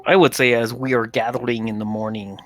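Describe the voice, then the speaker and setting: A man's voice: mid-range voice, level tone, fairly quick, no room sound, faint music behind. A man playing a character in a tabletop role-playing game, talking casually and earnestly. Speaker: player.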